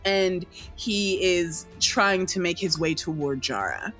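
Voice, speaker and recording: A woman running a tabletop game as dungeon master, narrating slowly in a casual, descriptive way. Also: fairly low pitch, a bit bright, faint music behind. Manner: slow, descriptive, casual swearing.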